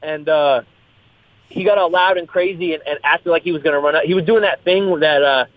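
A man's voice: a little high, brisk, no echo. Tinny-sounding young man, rambling and profane. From US West Coast. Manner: rambling, repeats words, swears freely. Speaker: fighter. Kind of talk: casual interview chat. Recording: tinny phone-like line.

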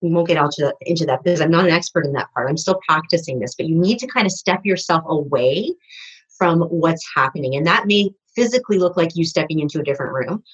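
In a muffled recording, a woman with a low-pitched, slightly rough voice talks at a quick pace with lively intonation. She's a podcast guest in a conversational interview, rambling with frequent restarts and fillers.

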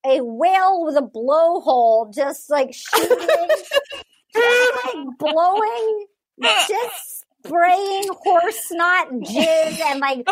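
High-voiced, animated woman chatting. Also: extremely slow, no echo. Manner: animated, rambling, swearing, lots of "like". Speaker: podcast co-host. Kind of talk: casual chat, recapping a reality dating show.

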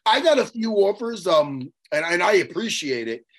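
High raspy guy co-hosting a podcast on a video call, super animated, ribbing his buddy, gets loud. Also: normal speed. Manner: animated, teasing, bursts of loud exclamation. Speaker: podcast co-host. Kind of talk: casual chat.

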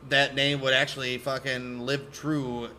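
A man's voice: medium pitch, level tone, a little slow, pushed and bright, slight background noise. A man, co-hosting a casual history podcast, laid-back and swearing between facts. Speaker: podcast co-host. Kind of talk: casual chat and reading history. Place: garage with a pellet stove.

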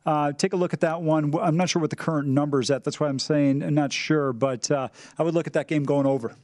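A man co-hosting a sports betting radio show, making quick, wry remarks. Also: fairly high pitch, steady tone, darkish tone, no echo, clean studio sound. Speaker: co-host.

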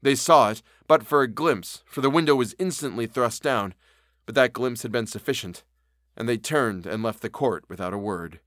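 A man reading a classic story aloud for a podcast in a measured, steady way. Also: medium pitch, dry recording, clean studio sound. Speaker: podcast reader.

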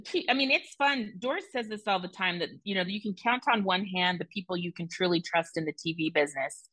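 A woman sports broadcaster chatting casually on a podcast, bubbly and quick. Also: fairly low pitch, a bit bright, no room sound, rough recording.

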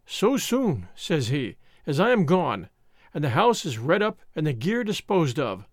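A grave, measured father near the end of his life, given voice by a man reading a storybook. The delivery rises high and moves widely in pitch, heard close and dry. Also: sing-song, no echo. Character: dying Scottish schoolmaster father, steady, hopeful. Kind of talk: audiobook reading.

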